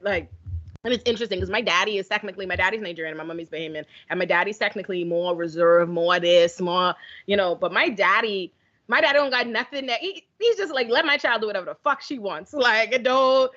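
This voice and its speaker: A young woman, telling stories in a casual podcast chat, animated and laughing, heavy on slang. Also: mid-range voice, highs cut off. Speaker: podcast guest.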